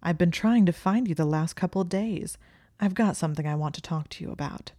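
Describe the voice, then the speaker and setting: A woman voicing a smooth, insincere teenage boy who wheedles and pushes. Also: lowish voice, fairly quick, dark tone, no echo, clean studio sound, natural voice. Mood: wheedling. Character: smooth insincere young male student, wheedling.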